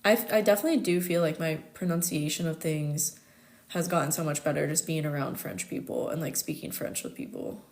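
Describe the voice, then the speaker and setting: A woman's voice: low voice, brisk, creaky, a little mellow. A young American woman hosting a casual live chat, talking in a giggly, filler-heavy way. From United States. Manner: chatty, giggly, lots of fillers. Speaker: astrology livestream host.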